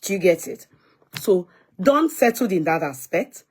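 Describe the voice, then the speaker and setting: A woman's voice: on the low side, lively intonation, a little slow, breathy edge. A Nigerian woman vlogger chatting casually to her viewers, answering commenters and slipping in Yoruba phrases.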